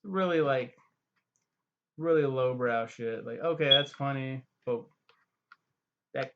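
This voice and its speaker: A man's voice: medium pitch, takes it slowly, creaky, lo-fi sound. A young man giving a profane, rambling, sarcastic review, full of fillers. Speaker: web series reviewer. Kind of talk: casual ranting review.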